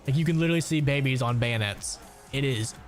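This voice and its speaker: Twenties guy gaming and rambling, swears constantly, laughs a lot, music playing loud behind him. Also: medium pitch, fast talker. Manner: rambling, profane, laughs often. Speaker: gaming streamer. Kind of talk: casual gameplay chat. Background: background music.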